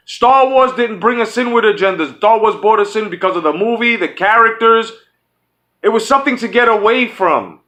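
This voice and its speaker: A man delivers a furious, profanity-laced rant to his channel's audience. His voice sits high and sounds bright and sharp. He trips over his own words, repeats phrases and starts sentences over as he vents. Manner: profane, heated, repetitive; restarts and stumbles often. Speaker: channel host. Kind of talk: angry fan rant.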